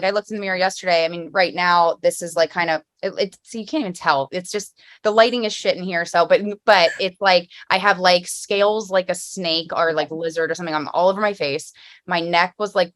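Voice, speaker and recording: A woman's voice: lowish voice, a bit bright. Rambling Philly woman hosting a podcast. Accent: Philadelphia. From Philadelphia area, USA. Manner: rambling, lots of "like" fillers. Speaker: podcast host. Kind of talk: casual interview chat.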